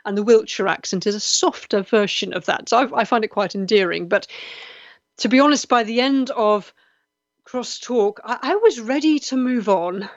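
A woman's voice: fairly high pitch, no room sound. Woman host, middle-aged, from the west country, chatty, earnest, dull dry recording. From West Country of England. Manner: chatty, earnest, quick to react to viewers. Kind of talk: live-stream chat show, reading comments.

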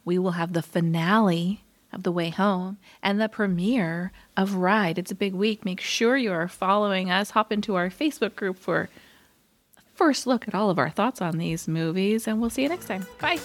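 A woman co-hosting a podcast, chatting casually about a movie, expressive and quick to laugh. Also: mid-range voice. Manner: expressive, laughs easily, reactive. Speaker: podcast co-host. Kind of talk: casual chat reviewing a movie.

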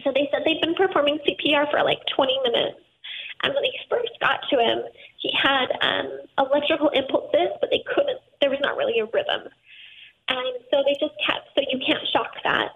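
A woman with a high voice tells a painful personal story, tearful and close to breaking. Her voice has a gravelly fry. She comes through a thin, phone-like line. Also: moderate pace. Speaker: guest.

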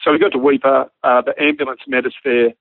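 A man with an Australian accent tells a story the way he would to friends, slipping into crisp radio-call voices and breaking into laughter. His voice is gravelly and sits at a middle pitch. It comes through a narrow, phone-like line that sounds dry and close. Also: fast talker, dry recording. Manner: animated storyteller acting out radio calls, laughing often. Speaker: former army helicopter pilot telling a story. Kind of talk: casual anecdote.

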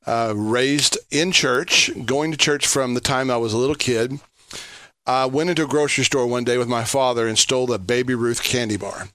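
A man's voice: mid-range voice, moderate pace, fairly bright tone, dry recording. A man from Oklahoma, a ministry director, telling a personal story with many fillers. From Oklahoma, USA. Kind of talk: radio interview.

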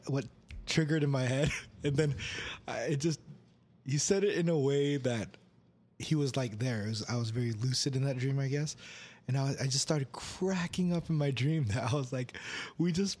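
A young man co-hosting a podcast, telling stories in casual chat and laughing often. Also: mid-range voice. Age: young adult. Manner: animated storyteller, laughs often. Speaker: podcast co-host.

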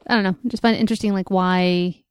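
A young woman co-hosting a podcast, chatting casually and filling pauses with "like" and "um". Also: mid-range voice, steady tone, smooth, dry recording, studio quality. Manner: chatty, lots of "like" and "um". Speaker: podcast co-host. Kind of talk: casual chat.

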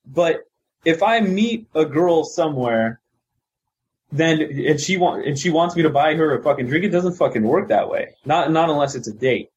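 A man with a fairly high, husky voice rambles through a casual podcast story, cursing freely and stumbling over fillers. The audio is dull and lo-fi, as if recorded on modest podcast gear. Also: animated, moderate pace. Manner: profane, rambling with many fillers. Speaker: podcast co-host.

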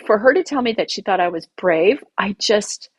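Woman, husky voice, dry close sound, emotional rambling storytelling, podcast guest. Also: medium pitch, lively intonation, normal speed, dry recording. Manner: emotional, rambling with many asides. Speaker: podcast guest, garden designer. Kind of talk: personal storytelling in an interview.

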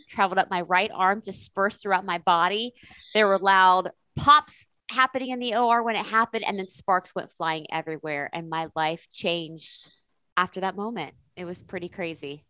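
Casting: middle-aged woman, earnest animated storyteller, dry close sound. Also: mid-range voice, smooth, no echo. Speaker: guest. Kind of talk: interview storytelling.

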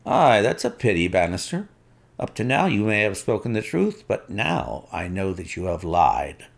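Man voicing a suave detective, measured and firm, low gravelly voice, lively intonation. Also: exaggerated voice. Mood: commanding. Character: calm, suave male detective, commanding.

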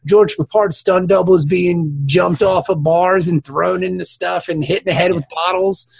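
A man's voice: high voice, steady tone, normal speed, gravelly, few pauses, breathy edge, no echo. A man co-hosting a podcast, recapping a TV episode in rambling, profane casual chat with frequent laughs. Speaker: podcast co-host.

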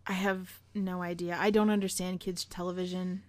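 Animated, profane woman co-host. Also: on the low side, normal speed, no room sound. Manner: animated retelling, profane, laughs often. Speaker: podcast co-host. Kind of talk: casual irreverent chat.

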